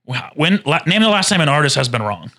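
A man's voice: fairly high pitch, very animated, fast, sharp tone. A man co-hosting a podcast, trading dry jokes in casual chat. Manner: dry joking banter. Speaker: podcast co-host.

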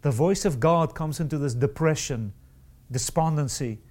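A man preaching a sermon, with repeated words and restarted phrases, and sudden rises in pitch. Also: moderate pace, a little mellow.

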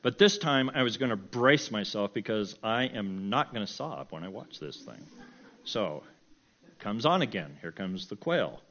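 Animated man preaching a personal story. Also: lowish voice, unhurried, highs cut off. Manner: animated, self-mocking, laughs often. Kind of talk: storytelling sermon.

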